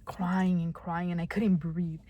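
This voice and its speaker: A woman's voice: lowish voice, flat delivery, measured pace, warm tone, muffled recording. A young woman from California co-hosting a podcast, telling a story in casual chat. She swears freely, leans on "like," and acts out her own past lines. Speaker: podcast co-host.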